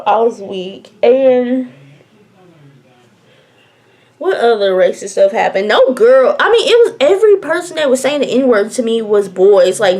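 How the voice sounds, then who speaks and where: A young woman telling a casual storytime. She is blunt, animated and laughs often. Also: on the high side. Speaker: vlogger.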